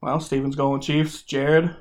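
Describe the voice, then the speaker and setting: A man's voice: on the high side, little pitch movement, slow pace. A man hosting a casual podcast, joking and rambling with fillers. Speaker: podcast host.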